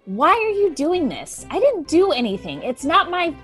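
A woman's voice: on the high side, big pitch swings, takes it slowly, soft background music. A woman voicing an imprisoned young man who pleads and cries out in agony. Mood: desperate.

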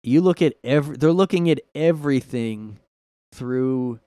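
A man's voice: mid-range voice, moderate pace, warm tone, no room sound. A man hosting a solo podcast from his room, rambling sarcastically with lots of filler words. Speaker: podcast host. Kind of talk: casual solo commentary.

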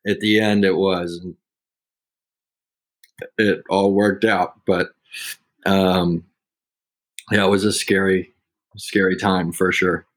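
A man guest speaking haltingly with many "like" fillers. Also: low-pitched, flat delivery. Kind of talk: casual conversation.

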